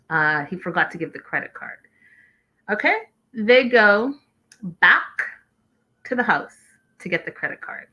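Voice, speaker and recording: A woman hosting a show, recapping episodes in an animated, exclaiming way and acting out what people said. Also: mid-range voice, highs cut off. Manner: expressive, exclaiming, acting out quotes. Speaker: podcast host recapping a reality show.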